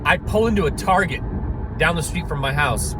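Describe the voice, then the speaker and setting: A man's voice: fairly high pitch, animated, moderate pace, music in the background. A man telling a rambling, funny personal story to camera as a network marketing coach, often restarting his sentences and laughing at himself.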